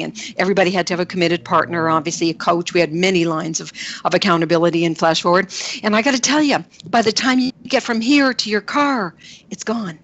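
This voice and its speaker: In a conversational storytelling interview, a middle-aged film producer and coach speaks fast in a lowish voice. Her storytelling is animated, repetitive and emphatic, with quoted voices she acts out in shifting tones.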